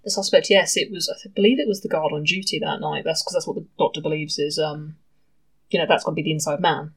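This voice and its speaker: A woman's voice: sits low, fairly even intonation, fast talker, breathy edge. A woman co-hosting a podcast, chatting casually, laughing often and acting out lines in put-on voices. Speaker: podcast co-host. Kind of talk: casual chat retelling an episode.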